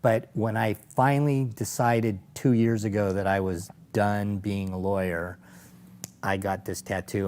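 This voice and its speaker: Low-voiced man telling animated stories. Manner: animated storyteller, acts out voices and laughs. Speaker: guest, safari operator and former lawyer. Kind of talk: anecdotal storytelling in conversation.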